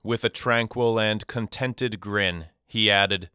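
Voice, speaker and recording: A man narrating a first-person novel for an audiobook in a measured, expressive storytelling manner. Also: on the low side, clean tone, no room sound, studio quality.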